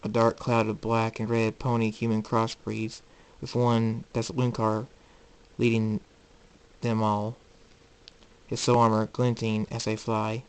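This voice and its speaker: A man narrating his own fan story aloud, halting and repeating words. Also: lowish voice, monotone, smooth. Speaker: hobby storyteller.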